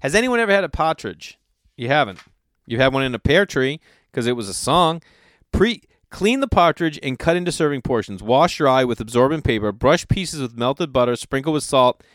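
A man's voice: mid-range voice, animated, normal speed, a bit bright, no room sound, studio quality. A middle-aged man, chatting casually as a host and reading old recipes aloud with incredulous, swearing commentary. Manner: incredulous, exasperated riffing with swearing.

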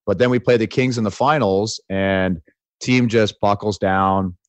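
A man in his forties co-hosts a podcast in loose, joking chat, telling stories full of "like" and "right?". His voice sits fairly low and is recorded close on a studio mic with no room sound. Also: fairly even intonation, unhurried, no room sound, muffled recording. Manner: joking, storytelling, says "like" and "right?" often. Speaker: podcast co-host. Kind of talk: casual chat.

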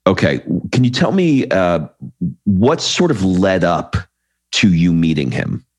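A middle-aged man hosting an interview podcast, asking questions in a conversational way with fillers and quick asides. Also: deep voice, lively intonation. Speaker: podcast host. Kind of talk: casual interview.

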